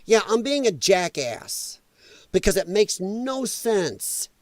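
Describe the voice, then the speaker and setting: A man's voice: high voice, sing-song, takes it slowly, no room sound. A man hosting a political livestream, ranting sarcastically and chatting with viewers in the live chat. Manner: heated, sarcastic rant with mocking put-on voices; chats with live viewers while reading chat. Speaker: livestream host.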